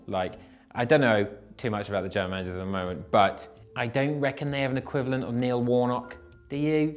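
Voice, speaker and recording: A young man hosting a casual, comedic show that reads viewer comments, self-deprecating and given to animated bursts. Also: medium pitch. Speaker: host reading viewer comments.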